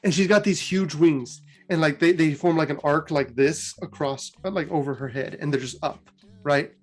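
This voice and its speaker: A co-host casually retelling game lore in an animated, chatty way. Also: medium pitch, moderate pace. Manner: animated, chatty, laughs at own jokes.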